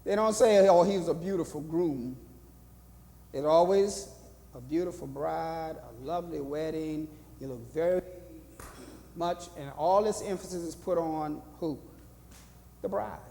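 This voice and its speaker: A man leads a church Bible study as pastor and teaches in a preaching rhythm, repeating phrases and asking the room questions. His voice sits high but has a dark, gravelly edge. The sound carries a long reverb from the church hall. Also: unhurried, pauses often.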